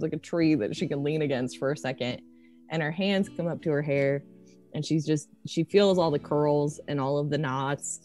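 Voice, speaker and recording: A woman with a low voice narrates her character in a tabletop horror game. She swears freely and her voice climbs when her character is upset. A faint music bed sits under her. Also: darkish tone. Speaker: player.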